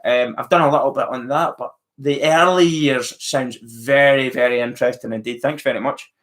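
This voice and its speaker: A man's voice: medium pitch, fairly even intonation, moderate pace, a bit bright. A man with a Scottish accent hosting a casual live-stream chat, musing aloud to viewers with plenty of fillers and restarts. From Scotland. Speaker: channel host answering live chat.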